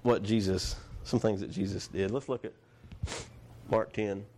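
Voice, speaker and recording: A man's voice: on the low side, fairly even intonation, unhurried, dark tone, slight background noise. A man preaching a sermon in a conversational way. He restarts his phrases and asks his listeners questions. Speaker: pastor.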